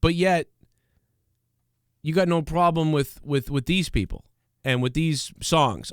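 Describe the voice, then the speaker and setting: Smooth-voiced man ranting on a podcast. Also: fairly high pitch, unhurried, pauses often, no echo, studio quality. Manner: rambling, profane, lots of fillers and restarts. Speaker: podcast host. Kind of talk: casual comedic rant.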